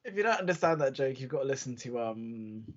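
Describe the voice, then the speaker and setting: This podcast co-host has a mid-range voice with lively intonation and a quick pace, recorded lo-fi with some hiss or hum. He spins a story conversationally, performing the quotes and laughing frequently throughout the casual chat.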